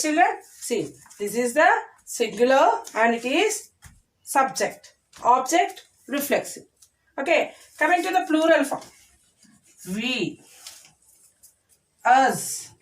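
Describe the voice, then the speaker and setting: A woman's voice: high voice, far from the mic. A woman teaching a grammar lesson to young children, repeating key phrases and answering her own questions. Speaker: primary school English teacher.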